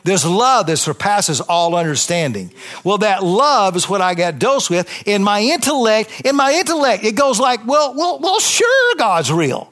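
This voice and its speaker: High-voiced man preaching. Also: animated, normal speed, few pauses, fairly bright tone. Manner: impassioned, conversational preaching with emphatic repetition. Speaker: pastor. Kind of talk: testimony sermon. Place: church before a congregation.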